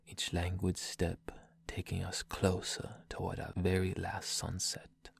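A young man reading poems aloud in a soft, slow, breathy whisper, in the style of ASMR. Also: deep voice, dry recording. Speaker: poetry reader.

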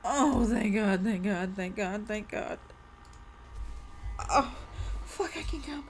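A young woman in an intimate solo audio monologue, breathy and out of breath, sighing and swearing. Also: mid-range voice, expressive, a little hiss or hum. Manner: breathy, swearing, drawn-out sighs.

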